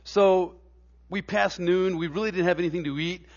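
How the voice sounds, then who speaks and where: A man's voice: high-pitched, fairly even intonation, normal speed, darkish tone, muffled recording. A middle-aged man preaching a sermon in a church, telling homey stories with stammered restarts and building to emphatic preaching. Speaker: pastor. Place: church sanctuary.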